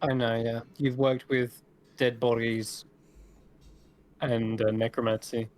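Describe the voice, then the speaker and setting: Man, game master, tabletop narration, relaxed, detailed descriptions. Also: medium pitch, takes it slowly.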